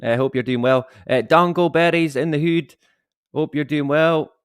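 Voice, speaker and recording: A man's voice: on the high side, steady tone, moderate pace, smooth, no room sound, clean studio sound. A man in his thirties casually chatting and greeting viewers as a livestream host, joking at his own expense and swearing freely. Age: 30s. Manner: jokey, self-mocking, swears casually, laughs often. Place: at home.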